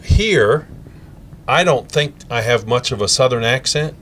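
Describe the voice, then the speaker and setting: A man's voice: mid-range voice, animated, unhurried, fairly bright tone, a little hiss or hum. Chatty male host of a local TV show. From Colorado. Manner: friendly, chatty, leading questions. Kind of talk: local TV interview.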